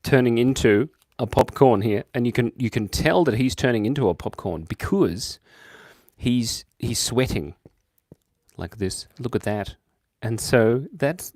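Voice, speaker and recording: A young Australian man chatting casually with his viewers while he draws on a livestream, playful and quick to jump from excited to quiet. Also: no room sound, clean studio sound. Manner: playful, jumps between high excited bursts and quiet mumbles. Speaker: livestream host drawing for chat. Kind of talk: casual live-stream chat while drawing.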